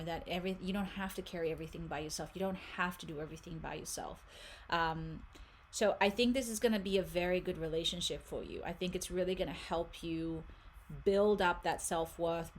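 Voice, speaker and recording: Lady doing a chatty tarot reading for a viewer, kinda low voice, lots of ums and restarts, laughs a lot. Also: a little hiss or hum. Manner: chatty and animated, laughing, many fillers and self-corrections. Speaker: tarot card reader. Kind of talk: casual live reading for a viewer.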